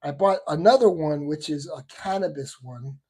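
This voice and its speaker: A man's voice: fairly high pitch, moderate pace, darkish tone, slightly rough. A man hosting a shaving livestream, chatting casually and rambling, with lots of restarts and asides. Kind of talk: casual live chat.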